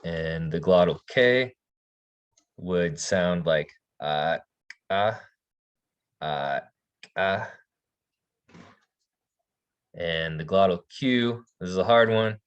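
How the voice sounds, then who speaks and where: A man teaching a language class, relaxed, slowly demonstrating sounds with soft laughs. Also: sits low, smooth, highs cut off. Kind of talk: online language lesson.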